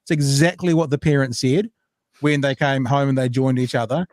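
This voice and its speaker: A man's voice: mid-range voice, fairly even intonation, normal speed, darkish tone, no echo. Chatty New man on a dry mic. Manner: rambling, self-interrupting, loose and joking. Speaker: podcast co-host. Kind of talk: casual chat.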